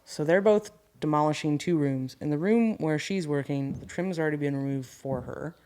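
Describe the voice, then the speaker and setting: A woman's voice: deep voice, normal speed, mellow. Woman who owns a carpentry business, blunt and chatty, guest on a podcast at a table with the hosts. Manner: frank, storytelling, laughs easily. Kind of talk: casual podcast chat.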